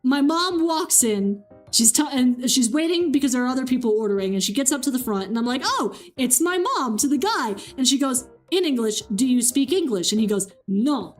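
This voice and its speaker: A woman's voice: high-pitched, expressive, fairly quick, a little mellow, faint music behind. A young woman streamer chatting casually, reading chat aloud and telling a story with acted-out quotes and frequent laughter.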